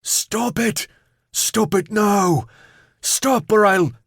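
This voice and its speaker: A man plays a desperate young man at the edge of his sanity, his voice pushed well above its usual pitch. He pleads and barks orders through strain, anguished and unsteady. It is recorded dry and close in the audiobook. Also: drawn-out words, creaky, breathy edge, no room sound, exaggerated voice. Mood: frantic.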